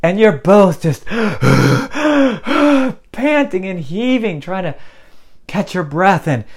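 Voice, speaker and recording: A man's voice: high voice, animated, measured pace. A male pastor preaching a sermon in a conversational, dramatic storytelling way, often restarting his phrases.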